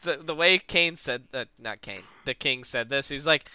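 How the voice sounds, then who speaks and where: A man's voice: mid-range voice, normal speed, bright, forceful tone, clear, resonant tone, dry recording, lo-fi sound. A man co-hosting a casual podcast, rambling and wisecracking as he reacts, swearing freely. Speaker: podcast co-host. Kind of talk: casual chat watching wrestling.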